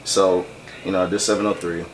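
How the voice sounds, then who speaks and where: A man with a very low voice tells a long, loose story packed with fillers and swearing. He is heard from a distance off the mic, and a faint room hum sits behind him. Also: level tone. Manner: loose, profane, fast-moving anecdote with many fillers. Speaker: rapper telling a story. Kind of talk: casual storytelling.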